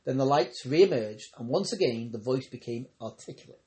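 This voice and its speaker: A man with a mid-pitched, ordinary voice reads a novel aloud. He narrates steadily, but he trips over the odd word and goes back to fix it. It sounds like an amateur audiobook reading. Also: expressive, moderate pace, hardly any pauses, a little mellow. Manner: reads with occasional stumbles and self-corrections. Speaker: audiobook reader. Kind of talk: scripted narration.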